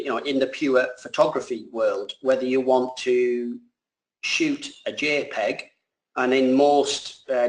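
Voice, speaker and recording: A man's voice: medium pitch, echoey room, low-quality recording. A man, a drone pilot and trainer answering questions in a casual, rambling way that often corrects itself mid-sentence.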